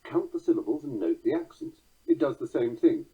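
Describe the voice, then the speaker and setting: Husky man reading, tinny sound. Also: medium pitch, very animated, dark tone. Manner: measured, chants verse rhythms, recites quotations slowly. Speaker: reader of a book on poetry. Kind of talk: reading a nonfiction book aloud.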